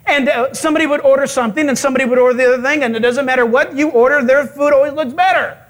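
A male pastor preaching a sermon, telling stories with animated acted-out quotes and chuckles. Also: extremely high pitch, very fast.

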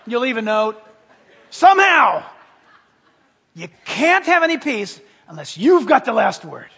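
A man preaching a sermon, animated and playful, acting out little scenes and dropping into whispers for effect. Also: very high-pitched, moderate pace, gravelly, slightly rough. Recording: hall reverb, from a distance.

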